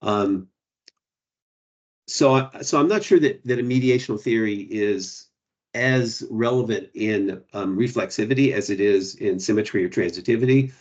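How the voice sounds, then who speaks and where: Low-voiced man answering questions hesitantly. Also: normal speed, darkish tone, muffled recording. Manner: hesitant, restarts, frequent "you know" and "right". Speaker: guest presenter. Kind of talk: academic Q&A answers.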